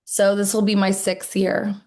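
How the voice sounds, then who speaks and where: A woman's voice: mid-range voice, little pitch movement, unhurried, darkish tone. A woman interviewed as a network marketer, answering earnestly and chattily with many "like"s and "I mean"s.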